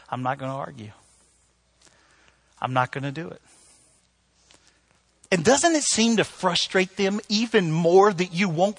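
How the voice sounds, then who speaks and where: Husky-voiced pastor preaching a sermon. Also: male voice, high voice. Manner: storytelling with sudden loud outbursts, then soft.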